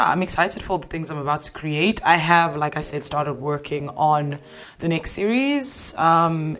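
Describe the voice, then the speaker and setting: A young woman with a low, husky-bottomed voice chats alone on her podcast. She rambles in a relaxed, offhand way, doubling back and correcting herself mid-sentence. Soft music plays faintly behind her. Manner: rambling and chatty, self-interrupting. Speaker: podcast host. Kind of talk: casual solo podcast chat.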